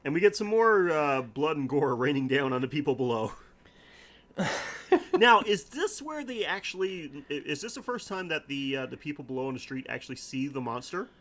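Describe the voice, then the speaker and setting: A man's voice: a little high, sing-song, moderate pace, a bit bright. A man co-hosting a podcast, recapping a movie casually with laughs and swearing. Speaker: podcast co-host.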